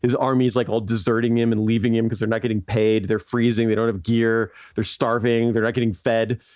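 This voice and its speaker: A man's voice: medium pitch, flat delivery, fairly quick, darkish tone, no room sound, studio quality. A man hosting a podcast, telling history in a loose, rambling way, laughing often and tossing in "like" and "right?". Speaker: podcast host. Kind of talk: casual history storytelling.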